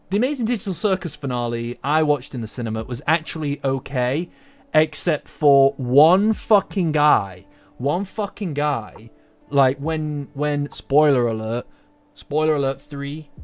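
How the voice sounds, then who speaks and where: A British man chatting casually to his stream audience, rambling, swearing and getting worked up. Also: mid-range voice. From Britain. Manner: rambling, profane, quickly agitated. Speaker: anime commentator. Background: faint lo-fi music.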